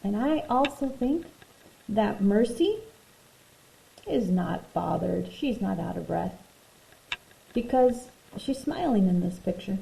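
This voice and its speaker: Female teacher, read-aloud lesson for kids, expressive, gravelly warm tone, roomy echo, faint hiss. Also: medium pitch, takes it slowly, pauses often. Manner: expressive, talks to young pupils between read passages. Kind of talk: reading a picture book aloud to children. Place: home room, virtual class recording.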